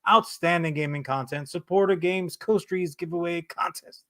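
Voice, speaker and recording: A man co-hosts a comic book podcast in a loose, playful way, swearing now and then. His voice is bright and sits fairly high. He reads sponsor plugs in the same casual tone. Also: normal speed. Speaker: podcast co-host.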